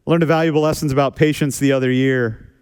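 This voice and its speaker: A man's voice: mid-range voice, steady tone, fast, darkish tone, smooth. A man preaching a sermon as a pastor, talking casually with self-deprecating humor and repeating phrases for emphasis. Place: church sanctuary.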